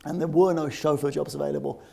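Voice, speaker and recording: A man in his fifties with a London accent, telling a personal story in a lively, animated way and often laughing as he talks. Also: on the high side, fast, creaky, slight background noise. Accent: London English. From England (London).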